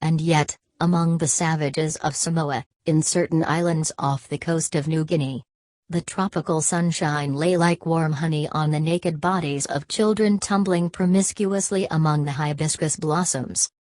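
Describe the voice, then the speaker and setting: Low-voiced woman reading an audiobook. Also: fairly even intonation, moderate pace, darkish tone, no echo. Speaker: audiobook narrator. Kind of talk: scripted narration.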